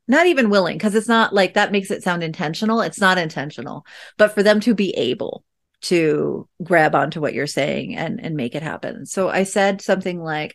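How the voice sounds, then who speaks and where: A woman's voice: medium pitch, lively intonation, moderate pace. A woman in her thirties hosting a podcast, telling a personal parenting story in a chatty, reflective way with many fillers. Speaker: podcast host and parent coach. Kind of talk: casual storytelling monologue.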